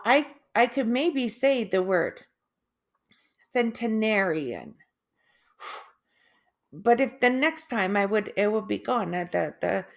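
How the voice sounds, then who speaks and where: A middle-aged woman talking in a casual personal video, halting, with restarts, long pauses and drawn-out, oddly stressed syllables. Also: mid-range voice. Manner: laughs softly at herself. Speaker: vlogger sharing her stroke recovery.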